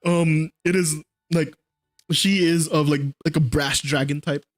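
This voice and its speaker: A man's voice: on the high side, fairly even intonation, unhurried, faint music behind. A man narrating as game master of a tabletop game, laughing often as he talks.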